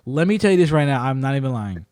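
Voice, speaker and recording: A man hosting a podcast, telling stories in an animated way, acting out quotes and laughing often. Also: medium pitch, quick pace. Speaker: podcast host. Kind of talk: casual chat.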